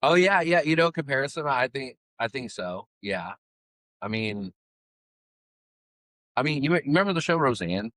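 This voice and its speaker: A man's voice: mid-range voice, animated, normal speed, pauses often, fairly bright tone, no room sound. A middle-aged man co-hosting a podcast, telling stories in rambling casual chat full of fillers. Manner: rambling storyteller, many fillers. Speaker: podcast co-host.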